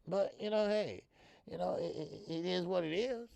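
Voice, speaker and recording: A man's voice: high voice, normal speed, gravelly. A middle-aged man hosting a boxing live stream, chatting loosely and greeting viewers by name. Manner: loose and chatty, shouts out viewers, many fillers. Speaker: boxing livestream host. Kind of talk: casual live-stream chat.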